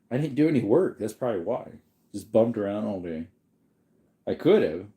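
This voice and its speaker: A man hosting a livestream, reading viewer comments aloud in a relaxed, rambling way while yawning. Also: on the low side, moderate pace. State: sleepy, yawning. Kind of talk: casual chat.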